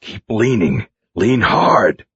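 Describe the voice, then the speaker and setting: A man narrating an audiobook, voicing a calm, commanding man giving orders. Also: lowish voice, slow pace, breathy edge, lo-fi sound, exaggerated voice.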